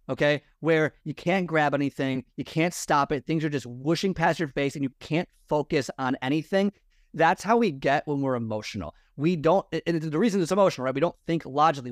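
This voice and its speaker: A man's voice: a little high, fairly quick, dry recording, studio quality. A man, a fitness mentor, giving advice in a podcast talk, rambling with many restarts. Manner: rambling, repeats himself, restarts sentences. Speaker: guest, fitness and lifestyle mentor. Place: room full of personal stuff.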